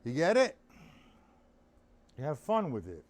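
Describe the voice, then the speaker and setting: A man's voice: fairly high pitch, unhurried. A tired man giving a live-streamed drum lesson, chatting loosely and greeting viewers by name. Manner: relaxed, chatty, talks to chat viewers by name. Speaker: drum teacher.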